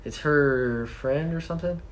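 A man's voice: fairly high pitch, a little slow. A teenage boy chatting casually and chiming in with quips and slang. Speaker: friend in chat. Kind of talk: casual chat.

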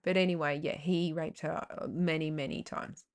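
A woman hosts a candid personal podcast in a lowish, gravelly voice full of vocal fry. She rambles frankly, swears now and then, and circles back through tangents and fillers. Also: steady tone, normal speed. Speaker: podcast host.

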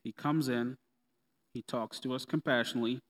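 A man's voice: mid-range voice, steady tone, normal speed, fairly bright tone. Man preaching in a reverberant hall. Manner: conversational preaching with playful asides. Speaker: pastor. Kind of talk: sermon.

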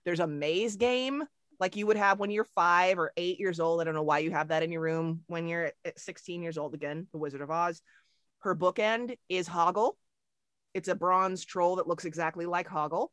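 Woman, podcast co-host, animated, profane, quick talker, mid pitch, dry close sound. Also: no room sound. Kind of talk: casual chat.

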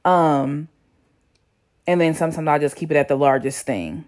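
A young woman, telling a story to her viewers in a chatty, slangy, animated way. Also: deep voice, normal speed. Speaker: vlogger. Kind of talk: casual storytelling to camera.

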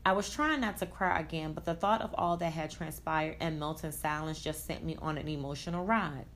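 A woman reading a first-person story aloud in a blunt, expressive way, with casual swearing. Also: deep voice, brisk. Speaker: reader.

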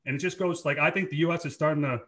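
Boston guy in his thirties, bright slightly high voice, easygoing guest who laughs a lot. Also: racing. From Dorchester, Massachusetts. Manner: laid-back, laughs often, swears freely. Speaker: podcast guest, former hockey player. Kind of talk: casual chat.

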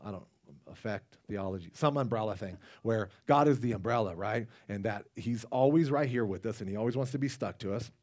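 A man with a somewhat low voice delivers a loose, conversational sermon. He wanders into asides and restarts his sentences as he talks to the congregation. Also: fairly quick, a little mellow. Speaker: lay preacher. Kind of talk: casual sermon.

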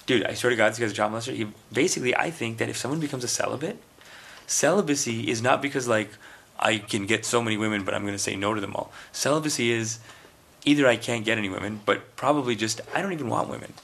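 A man's voice: medium pitch, quick pace, creaky, fairly bright tone, slight background noise. A man from India chatting casually on a podcast, telling rambling stories and acting out quoted voices. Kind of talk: casual chat.

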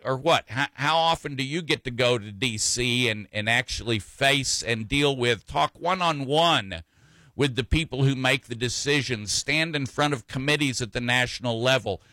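A man's voice: medium pitch, normal speed, bright, forceful tone, dry recording. A man hosting a radio talk show, chatting in a folksy, rambling way with frequent fillers and restarts. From Texas.

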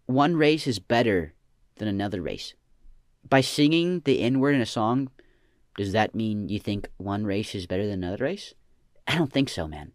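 Young male podcast host, slacker drawl, lively swooping pitch, dry close sound. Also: moderate pace, no room sound. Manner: slacker drawl, trailing off with "man" and "bro". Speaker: podcast host answering listener questions. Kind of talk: deadpan comedic podcast banter.

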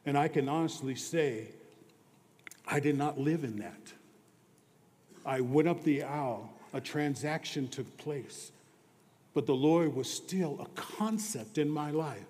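A man preaching a sermon as pastor, earnest, moving between hushed and emphatic delivery. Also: a little high, takes it slowly. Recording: long reverb of a large hall.

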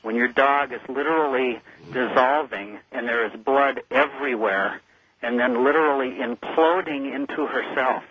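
Over a muffled phone connection, a male guest on a radio interview shares his story with earnest vividness. He talks at a moderate pace in a mid-range voice.

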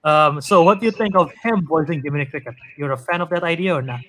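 A man hosting a casual podcast chat, animated and rambling, laughing easily. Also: on the high side, quick pace, slight background noise. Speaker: podcast host.

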